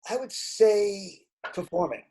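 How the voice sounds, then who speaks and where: A man's voice: sits high, expressive, mellow, slightly rough. A middle-aged man answers interview questions casually, often restarting and correcting himself mid-sentence. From Staten Island, New York. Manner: halting, with frequent restarts and self-corrections. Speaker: interview guest, comedian.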